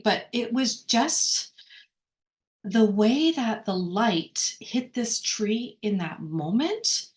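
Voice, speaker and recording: A woman leading a workshop lesson, talking conversationally, often checking in with "right?" and correcting herself as she goes. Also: mid-range voice. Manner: rambling with frequent self-corrections. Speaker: workshop speaker. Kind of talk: informal teaching talk.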